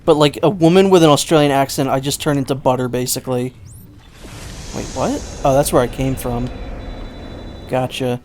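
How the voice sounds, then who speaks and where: A man's voice: medium pitch, fairly even intonation, moderate pace, long pauses, a little mellow, a little hiss or hum. A man giving rambling, chatty, self-mocking commentary while playing a game. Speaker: gameplay commentator. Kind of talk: casual let's-play commentary.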